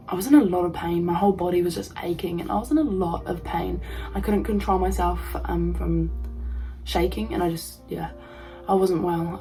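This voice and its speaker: A young woman vlogging to camera, telling a personal story in a halting way full of ums and likes. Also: fairly low pitch, gravelly, warm tone, low-quality recording.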